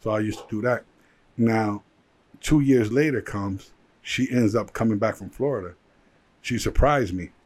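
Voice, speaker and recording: A man with a low voice, a guest in a casual interview, recounting his rise in business. He tells it in an animated way, with lots of "like" fillers. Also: moderate pace, pauses often. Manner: animated storyteller with many "like" fillers. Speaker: guest, jeweler and entrepreneur.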